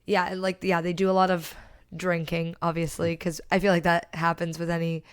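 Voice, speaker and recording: Woman, book podcast co-host, casual rambling chat, clean smooth tone. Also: on the low side, level tone, fairly quick. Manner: chatty, trails off and restarts.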